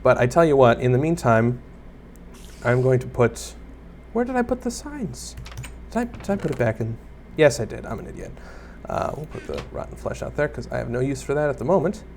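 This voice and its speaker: A man's voice: mid-range voice, a little fast, darkish tone, a little hiss or hum. Rambling self-mocking man narrating gameplay. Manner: rambling, self-deprecating, talks to viewers and mobs. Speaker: gaming YouTuber. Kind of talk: casual Let's Play commentary.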